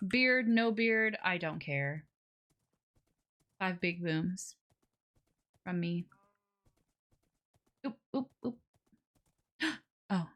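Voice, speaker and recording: A woman's voice: fairly low pitch, fairly bright tone. A woman live streaming a game, chatting casually with her viewers and coaxing her in-game animals along with little exclamations.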